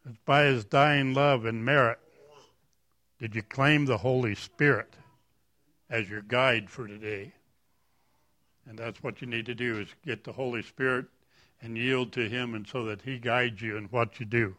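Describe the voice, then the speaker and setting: A man's voice: mid-range voice, steady tone, unhurried, long pauses, sharp tone. A man, not a preacher, giving an informal church talk in a rambling, folksy, self-deprecating way. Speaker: lay speaker at church.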